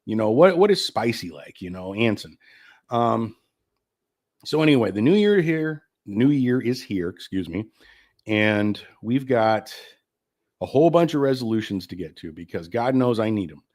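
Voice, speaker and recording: A man's voice: lowish voice, very animated, normal speed, a little mellow. Winded man rambling on his own show. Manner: rambling, candid, swears freely. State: getting over flu, short of breath. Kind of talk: casual solo live-stream talk.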